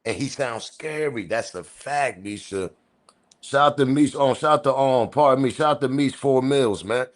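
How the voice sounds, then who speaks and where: A man giving casual, animated livestream commentary, repeating himself, swearing and chuckling. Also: medium pitch, unhurried. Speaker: online news commentator.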